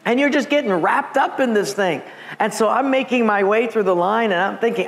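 A man from Hawaii, a pastor, preaching with lively storytelling and acted-out voices. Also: high-pitched, a little fast. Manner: animated, acts out voices, laughs at himself. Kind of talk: sermon with storytelling. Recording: long church reverb, faint background noise.

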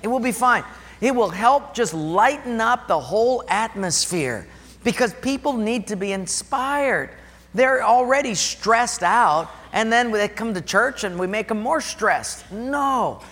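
Male pastor, high bright voice, lively storytelling sermon, long hall reverb. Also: measured pace. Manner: animated storytelling, acts out dialogue.

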